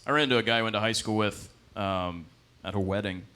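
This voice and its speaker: A man in his twenties performing a stand-up comedy set, telling stories with deadpan asides and jumping into high-pitched voices for the characters he quotes. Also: quick pace. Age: 20s. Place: comedy club stage.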